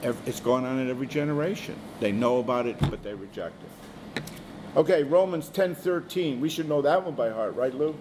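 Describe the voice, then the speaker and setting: A man leads an informal Bible study for a small group, talking in a plain, conversational way and asking the room questions as he goes. His voice sits at an ordinary middle pitch. An air conditioner hums steadily behind him. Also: a little fast, noisy background.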